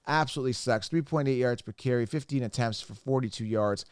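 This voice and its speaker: A man's voice: mid-range voice, a little fast, clear, resonant tone, dry recording. A man hosting his own fantasy football show, talking in a blunt, emphatic way and hard-selling his sponsors. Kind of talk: energetic solo sports commentary.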